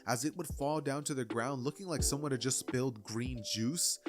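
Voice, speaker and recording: A man's voice: medium pitch, moderate pace. A man casually narrating an anime what-if story in a rambling, conversational way, full of fillers. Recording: narration over clear background music.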